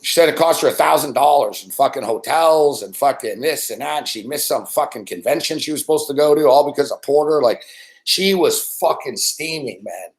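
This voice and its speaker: A man's voice: fairly high pitch, expressive, fairly quick. A man hosting a sports betting show, rambling through a casual story full of swearing and fillers. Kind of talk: casual profane storytelling rant. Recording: roomy echo.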